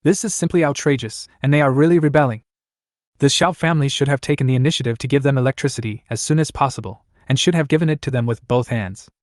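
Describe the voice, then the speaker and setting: A man reading a story recap as scripted narration, in an even, plain voice. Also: medium pitch, fast talker, no echo, clean studio sound.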